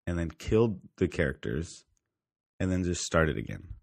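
A man with a very low, deep voice talks loosely about movies as a podcast co-host. He rambles and corrects himself mid-sentence. The sound is dry and close, with no room echo. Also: big pitch swings, moderate pace, vocal fry, slightly rough. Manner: rambling, self-correcting, with frequent restarts. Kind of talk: casual film chat.

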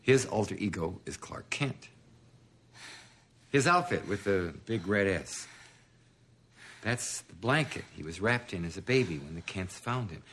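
Brief: a low, gravelly, husky movie killer, calm and musing, slow and deliberate. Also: male voice, full character voice. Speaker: film character in a played intro clip. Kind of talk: film dialogue.

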